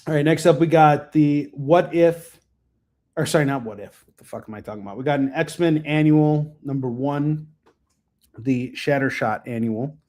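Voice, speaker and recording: Rambling American comic seller hosting a live show. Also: male voice, a little high, moderate pace, a little mellow. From United States. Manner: rambling, joking, lots of ums and asides. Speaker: host and comic book seller. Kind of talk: casual live-stream sales chat.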